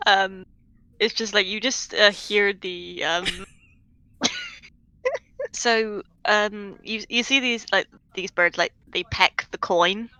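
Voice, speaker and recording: A woman's voice: medium pitch, big pitch swings, slow pace, sharp tone, rough recording. A woman narrating a tabletop game as game master, hesitant and full of fillers.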